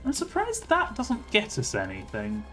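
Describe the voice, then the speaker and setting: A man's voice: high-pitched, huge pitch swings, normal speed, a bit bright, faint music behind. A man streaming a story game, reading its narration aloud and breaking off to comment on it. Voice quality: chatty, reads lines out and then reacts to them.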